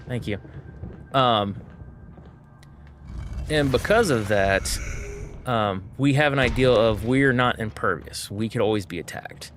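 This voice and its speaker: While gaming, a male streamer tells a long, rambling story stuffed with fillers and constant "he goes" asides. His medium-pitched voice is a bit bright and unhurried, with frequent pauses and a little hiss or hum in the audio.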